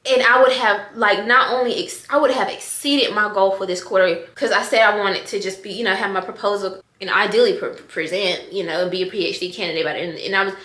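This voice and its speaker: Excited woman vlogging in an echoey room. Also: mid-range voice, fast, hardly any pauses. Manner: excited, emotional, addresses viewers as y'all. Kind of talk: casual vlog talk to camera. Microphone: camera on desk.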